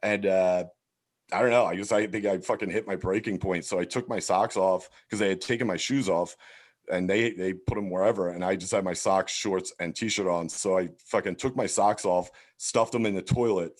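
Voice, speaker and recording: A man, a comedian guest on a podcast, telling a story in a loose, profane, animated way and acting out the dialogue himself. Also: deep voice, normal speed. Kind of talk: casual storytelling.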